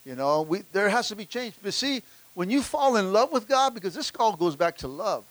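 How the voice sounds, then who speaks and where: A high-voiced pastor, very animated and at a moderate pace, delivers a fervent call-and-response sermon to the congregation. He often repeats words while restarting his lines, and there's no room sound.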